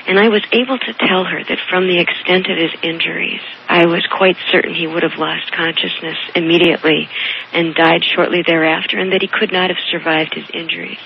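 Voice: medium pitch, fairly even intonation, gravelly, slight background noise. Coroner telling a story over dull audio. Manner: earnest, measured retelling with small restarts. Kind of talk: storytelling in an interview.

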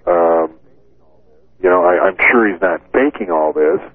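A man answering questions as a guest on a call-in radio show, telling stories with gravelly animation. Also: deep voice, a little slow, no echo. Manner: storytelling, animated. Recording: tinny phone line.

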